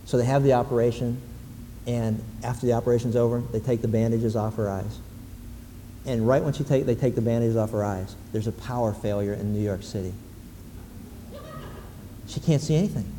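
A man preaching a sermon, animated and emphatic, building to loud repeated exclamations. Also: mid-range voice, fairly quick, pauses often, slight background noise. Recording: long reverb in a large hall, faint ambience.

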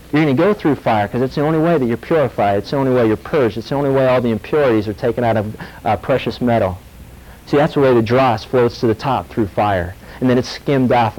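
A male pastor preaching a sermon in a lively, joking storytelling way that drops into earnest warnings. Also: mid-range voice, low-quality recording. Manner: animated, jokey storytelling with sudden drops to earnest.

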